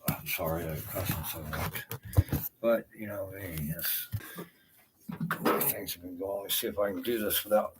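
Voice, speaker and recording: Deep-voiced frustrated older man, cursing. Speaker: vlogger. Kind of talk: rambling live-stream talk. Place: a room in his house. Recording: distant, noisy home recording.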